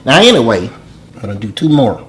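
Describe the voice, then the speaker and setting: A man giving a casual cooking demonstration in a home kitchen, with folksy, relaxed step-by-step instructions. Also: mid-range voice, a little fast, very noisy.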